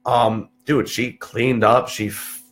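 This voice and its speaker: A young man in his twenties from Texas chats casually as a podcast guest. He tells stories in an animated way, swears freely and tosses in "dude" at every turn, and his voice sits at an ordinary pitch for a man. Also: slow. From Texas, USA. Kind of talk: casual chat.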